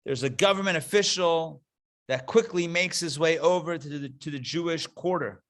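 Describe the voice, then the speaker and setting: A man, a rabbi, teaching a live class over a video call, telling jokes in an animated storytelling manner and then speaking earnestly. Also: normal speed. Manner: animated storyteller, swings into high excited voices for characters. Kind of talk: live lecture with told jokes. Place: classroom streamed to an online call.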